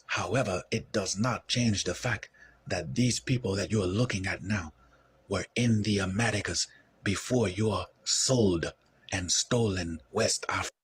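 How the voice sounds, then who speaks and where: A man's voice: deep voice, a little slow, slightly rough. A man from Ethiopia lecturing in an explanatory way, often repeating "you see". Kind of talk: lecture-style talk.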